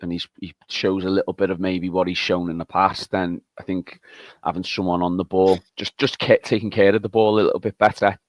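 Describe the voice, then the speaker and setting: A man on a football podcast panel, talking in a measured way and thinking aloud. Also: low voice, level tone, dry recording. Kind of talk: casual football chat.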